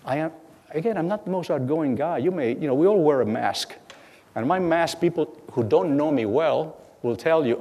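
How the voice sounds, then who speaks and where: Halting man speaking in a hall. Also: fairly high pitch, animated, mellow. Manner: halting, repeats words, acts out dialogue. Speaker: guest speaker. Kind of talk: lecture storytelling. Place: lecture hall. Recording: long hall reverb.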